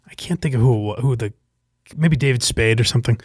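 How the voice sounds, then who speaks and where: A man's voice: mid-range voice, fast talker, slightly rough, no echo, studio quality. A man in his forties hosting a podcast, rambling in casual chat with many fillers and laughs. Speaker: podcast host.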